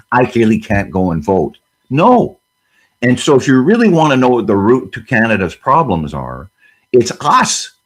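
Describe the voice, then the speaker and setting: A man's voice: medium pitch, slightly rough. A man speaking as a guest on a panel discussion, fiery and emphatic, firing off rhetorical questions.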